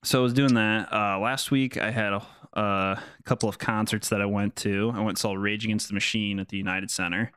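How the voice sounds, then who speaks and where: Low, smooth-voiced man chatting with friends. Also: steady tone, a little fast, few pauses, a bit bright, no echo, studio quality. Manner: enthusiastic, laid-back storytelling. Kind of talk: casual chat.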